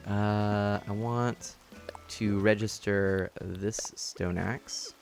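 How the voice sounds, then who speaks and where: A man's voice: on the low side, fairly even intonation, very slow, gravelly, long pauses, a little mellow, soft background music. A man casually streaming a life-sim game, chatting and laughing as he reads chat aloud and explains his setup. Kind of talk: casual live-stream commentary.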